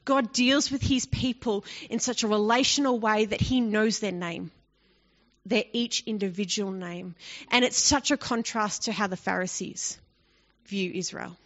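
A woman's voice: mid-range voice, unhurried, fairly bright tone. A woman teaching a Bible passage in an explanatory, conversational way, often asking the listeners rhetorical questions. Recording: dull lo-fi recording.

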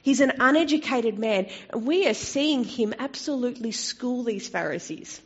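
A woman preaches a sermon in a slightly high voice. She talks in a conversational way and grows expressive when she reads out scripture. The recording is dull and lo-fi. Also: moderate pace, husky.

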